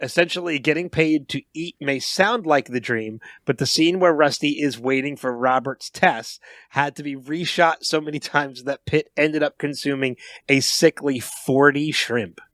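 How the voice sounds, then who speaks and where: A man's voice: a little high, moderate pace, fairly bright tone, no room sound, studio quality. A man co-hosting a casual film review podcast, patiently explaining things for the listeners. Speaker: podcast co-host.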